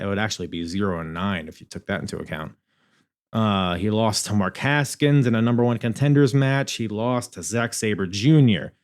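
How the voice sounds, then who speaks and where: A young man hosting a podcast, reviewing in a casual, animated way, swearing and laughing at his own asides. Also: mid-range voice. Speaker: podcast host.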